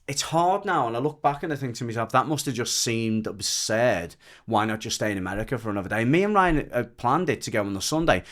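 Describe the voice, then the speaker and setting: A man's voice: mid-range voice, lively intonation, a little fast, few pauses. A British man on a podcast, telling a personal story in a rambling, emotional way with lots of quoted dialogue. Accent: British English. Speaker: podcast guest. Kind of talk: casual storytelling chat.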